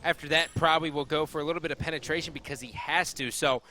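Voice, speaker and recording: A man doing live color commentary on an esports match, laid-back in banter and loud with hype in fights. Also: fairly high pitch, fairly even intonation, quick pace, slight background noise. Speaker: esports co-caster.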